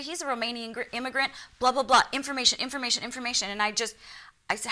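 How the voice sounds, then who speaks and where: The guest, a psychic medium with a Michigan accent, talks fast in a slightly high, pushed and bright voice. She tells stories from her life earnestly during a TV interview, imitating the voices of those she quotes.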